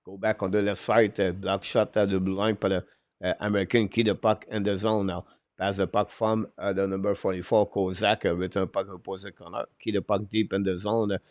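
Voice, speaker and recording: A man calling hockey play-by-play on a live stream. He talks haltingly, with frequent "uh" fillers, broken English phrasing and apologetic self-corrections. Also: on the low side, darkish tone, no room sound, clean studio sound. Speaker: play-by-play commentator and show host.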